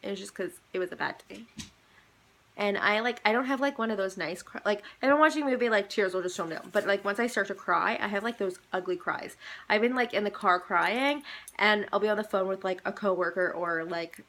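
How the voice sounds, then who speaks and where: A woman's voice: medium pitch, brisk, a bit bright. A young woman vlogging in a casual, rambling chat, full of "like" and "um". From Canada. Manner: rambling, many "like"s and "um"s.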